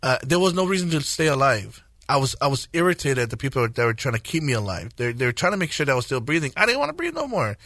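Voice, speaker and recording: A man in his forties, a guest minister, telling his testimony in a radio interview, earnest and halting, with many fillers and restarts. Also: medium pitch, big pitch swings, a bit bright, dry recording, studio quality. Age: 40s.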